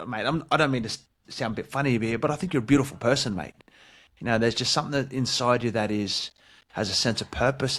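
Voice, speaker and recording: Effusive Australian man hosting a podcast. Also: mid-range voice. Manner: warm, effusive, calls guest mate. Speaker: podcast host. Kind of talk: casual interview chat.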